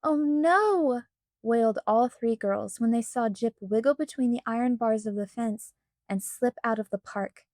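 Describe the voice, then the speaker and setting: A woman narrating a children's storybook with expressive, even storytelling. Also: a little high, moderate pace, dry recording, clean studio sound. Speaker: audiobook narrator.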